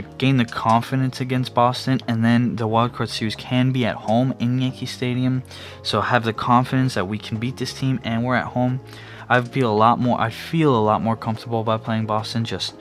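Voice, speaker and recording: A young man hosting his own sports podcast, talking casually in a rambling way, with frequent restarts and fillers. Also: medium pitch. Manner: yawning at times. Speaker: podcast host. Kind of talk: casual solo sports talk. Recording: faint background music.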